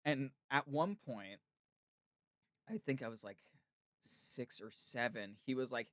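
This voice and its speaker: A man hosts a casual podcast and talks in long, rambling stories. His voice sits at a middle pitch. The sound is dry and close, with no room echo. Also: a little slow. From United States. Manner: rambling, chatty storyteller. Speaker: podcast host. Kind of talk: casual chat.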